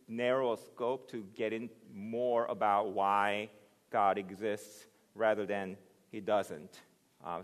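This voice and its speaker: A man preaching a sermon, reasoning aloud and building to loud, emphatic passages. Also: mid-range voice. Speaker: pastor. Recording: long hall reverb.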